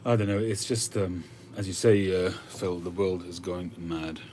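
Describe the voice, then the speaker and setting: Male streamer, deep voice, relaxed thinking-aloud chat with viewers, lots of hesitant pauses. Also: slight background noise. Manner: conversational, musing, with frequent hesitations. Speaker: livestream host reading viewer comments. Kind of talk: casual chat.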